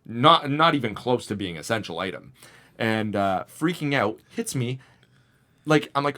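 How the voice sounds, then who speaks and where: A young man co-hosting a casual podcast, telling a story in an animated way and mimicking the voices of the people in it. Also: mid-range voice, normal speed. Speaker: podcast co-host.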